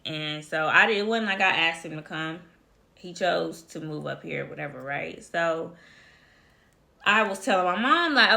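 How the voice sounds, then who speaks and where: A woman's voice: on the low side, moderate pace, vocal fry, pushed and bright. A woman casually telling a personal story to her viewers, chatty and talking to them directly as y'all. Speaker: vlogger.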